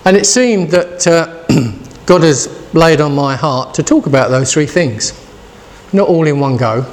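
A man's voice: fairly high pitch, animated, a little slow. A man in his sixties preaching a casual, chatty sermon and asking his listeners questions. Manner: chatty, asks the congregation questions.

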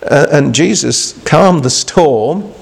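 A man preaching an informal devotional sermon, halting and conversational, often restarting and asking rhetorical questions. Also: fairly high pitch, expressive, gravelly, slightly rough.

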